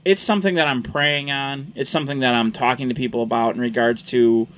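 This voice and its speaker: A man on a podcast, telling personal stories in a lively way, swearing and acting out what people said. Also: mid-range voice, a little fast. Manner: animated storyteller, swears, acts out quotes. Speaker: podcast guest in recovery. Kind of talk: casual podcast conversation.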